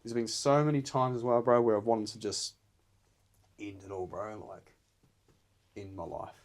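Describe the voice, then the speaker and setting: Earnest low-voiced man telling a story. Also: steady tone, normal speed. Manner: earnest, emotional storytelling, says "bro" often. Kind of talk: casual podcast chat.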